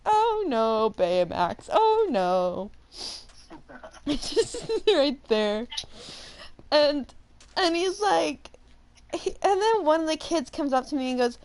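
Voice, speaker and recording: Young woman, gaming host, spins a chatty, animated anecdote mid-game. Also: high voice, slow, pauses often. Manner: animated, rambling, full of fillers and laughter. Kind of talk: casual storytelling while playing a game.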